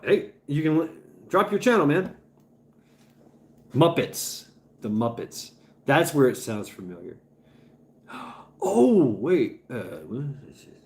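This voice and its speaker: Man, livestream host, casual rambling chat, unhurried, stammers, swears. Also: medium pitch, darkish tone. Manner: rambling, stammering restarts, profane.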